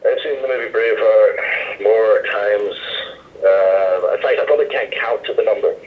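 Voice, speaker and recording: A man's voice: fairly low pitch, moderate pace. Scottish man on a tinny phone line. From Scotland. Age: 30s. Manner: easygoing, self-mocking, laughs at himself. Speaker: wrestler, interview guest. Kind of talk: casual interview over the phone.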